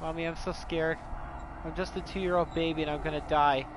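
A man's voice: on the high side, little pitch movement, a little fast, background noise. A man streaming a horror game, narrating his own play with jokey mock panic and a lot of swearing. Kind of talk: live gameplay commentary.

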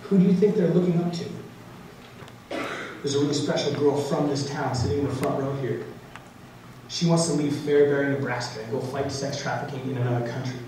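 A man's voice: medium pitch, fairly quick. A young man giving a storytelling motivational speech to students at a school assembly, full of casual "like" fillers. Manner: animated storytelling, frequent "like" fillers. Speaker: motivational speaker. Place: large school gym or auditorium. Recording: very echoey hall, distant, noisy.

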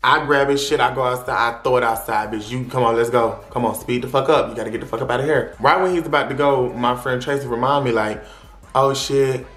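A man's voice: mid-range voice, a little fast. Young male vlogger, brash profane storyteller, roomy echo on the recording. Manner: animated, profane, dramatic storytelling. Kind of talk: storytime vlog.

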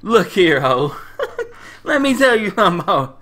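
Bright-voiced young man cussing out game characters. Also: high-pitched, sing-song, measured pace. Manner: loud, crude trash talk at game characters; slangy, repeats himself. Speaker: gamer playing a game. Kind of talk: profane casual gameplay commentary.

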